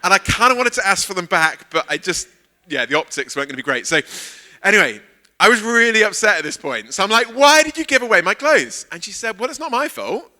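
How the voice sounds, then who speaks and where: A man's voice: high-pitched, fast talker. A man preaching as a guest speaker at a church service, telling a funny personal story and acting out the dialogue. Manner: animated storyteller, acts out quoted dialogue. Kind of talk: sermon with a humorous personal anecdote.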